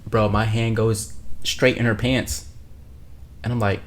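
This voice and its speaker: A young man telling a story from his own life as a streamer, rambling, slangy and repeating himself, sometimes dropping to a hushed low voice. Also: steady tone, a little slow. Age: young adult. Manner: drops to a hushed low voice for spicy parts. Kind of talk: casual storytelling.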